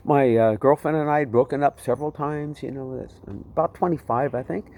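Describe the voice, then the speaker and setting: A man's voice: medium pitch, brisk, darkish tone. A man telling his personal testimony in a vivid, dramatic way. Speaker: storyteller giving his testimony.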